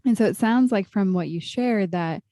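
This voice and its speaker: Middle-aged woman, podcast host, mellow tone, thoughtful questioner, dry sound. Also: mid-range voice, moderate pace, no room sound. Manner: thoughtful, asks long searching questions. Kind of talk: conversational interview.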